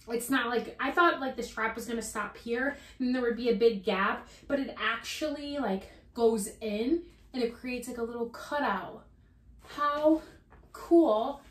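A woman in a casual vlog, chatting excitedly and giggling, with fillers in nearly every sentence and a slightly breathless edge. Her voice sits a little high. The recording has the roomy echo of a bare indoor space. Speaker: fashion vlogger. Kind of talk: casual product review. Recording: echoey indoor room.

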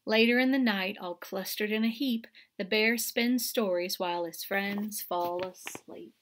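A woman, a kindergarten teacher, reading a picture book aloud to young children, expressive and turning to a hush at the scary moments while asking her listeners questions. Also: mid-range voice, a little slow, background noise.

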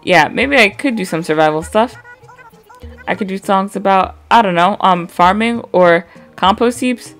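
A woman's voice: medium pitch, moderate pace, fairly bright tone, faint music behind, lightly acted. A young woman reading aloud the lines of an earnest animal villager who dreams of pop stardom.

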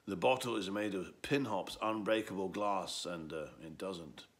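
A man's voice: deep voice, unhurried. A man voicing a small, wary male bear servant who growls his words in a storybook. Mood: gruff. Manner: growling, fussy.

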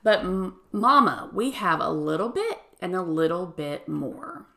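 A woman's voice: lowish voice, very animated, a little slow, vocal fry, pushed and bright, full character voice. A woman reading as an eager young boy. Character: eager cheerful young boy, quick on his feet.

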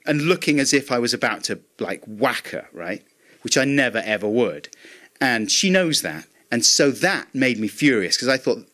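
A middle-aged man telling comic anecdotes as a radio guest, acting out his own shouting. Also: medium pitch, lively intonation, normal speed.

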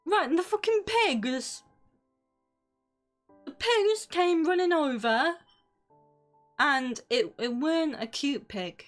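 A woman's voice: sits high, animated, slow, long pauses, soft background music. A young British woman streamer telling a rambling, sweary story, often breaking off mid-sentence. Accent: British English. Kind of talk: casual storytelling on a live stream.

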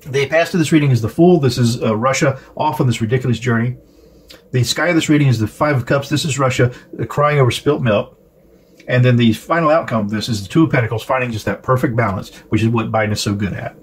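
A man giving a casual tarot reading to camera, halting now and then and chatting with his viewers. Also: medium pitch, slight background noise. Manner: halting, frequent fillers and restarts; chatty, asks viewers to comment. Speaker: tarot reader.

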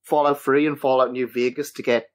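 A man's voice: medium pitch, flat delivery, a little fast. A man hosting a casual podcast chat, hesitant with many restarts. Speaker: podcast host.

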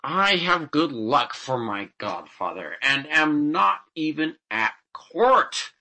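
A man voicing a greedy, boastful young farmer who speaks slowly and indignantly. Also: on the high side, big pitch swings, bright, forceful tone, voice pushed up, heavily acted. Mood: demanding. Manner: slow, demanding, indignant.

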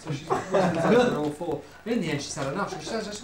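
A speaker telling a joke at home, moving briskly through the story and breaking into laughter. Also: mid-range voice, expressive, reverberant, over a noisy crowd, poor audio. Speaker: joke teller.

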